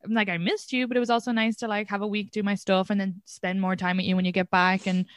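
A woman's voice: medium pitch, flat delivery, quick pace, no room sound. Irish woman podcast host, rambly chatty talk, voice sits mid-range, dry close sound. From Ireland. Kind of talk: casual chat.

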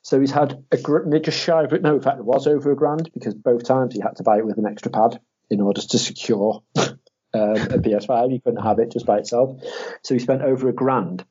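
A young man in casual chat, animated, swearing and laughing as he acts out quotes. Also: medium pitch, brisk, a little hiss or hum. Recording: dull lo-fi audio.

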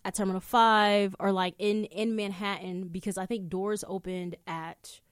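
A woman's voice: mid-range voice, steady tone, measured pace, clear, resonant tone, no room sound. A woman hosting her own podcast from a studio, rambling through casual stories with lots of swearing. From New York. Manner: chatty, profane, rambling storytelling. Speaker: podcast host. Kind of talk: casual solo podcast chat.

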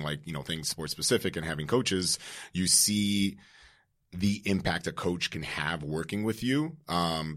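A young man with a very deep, low-pitched voice, chatting casually on a podcast as a fitness coach. He is laid-back and peppers his talk with fillers and casual swearing. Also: a bit bright.

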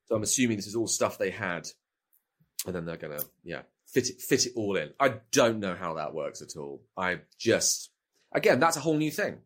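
With a fairly low, sing-song voice and a fairly bright tone, this middle-aged British actor chats at a moderate pace as an interview guest. The conversation is casual, and he rambles, often repeating words while restarting thoughts.

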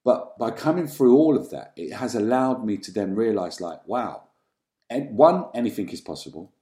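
A man, a guest in an interview, telling his own story in a reflective, halting way with many ums and restarts. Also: on the low side, very animated, mellow. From London, England. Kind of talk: candid personal storytelling in an interview.

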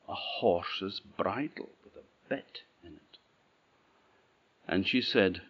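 A man from Orkney with an Orcadian Scottish accent, telling a folk tale in an unhurried, rhythmic way. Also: low-pitched, slightly rough. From Orkney, Scotland. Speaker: storyteller. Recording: dull lo-fi recording.

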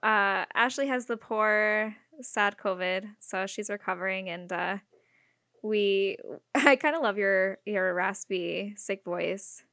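A woman's voice: medium pitch, slow pace, bright, forceful tone, no room sound, studio quality. A young woman co-hosting a podcast, upbeat and sympathetic, asking questions in casual chat. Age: young adult. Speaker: podcast co-host.

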